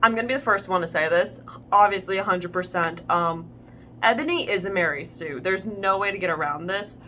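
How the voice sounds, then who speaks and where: A young woman reading fan fiction aloud as host, deadpan, with wry asides and stumbles over the words. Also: mid-range voice, fairly quick, a little hiss or hum. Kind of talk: reading fanfic aloud with commentary.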